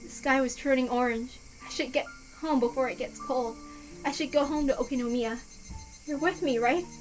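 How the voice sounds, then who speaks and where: A woman's voice: high-pitched, a bit bright. A woman reading a visual novel aloud, with casual asides full of fillers. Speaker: reader.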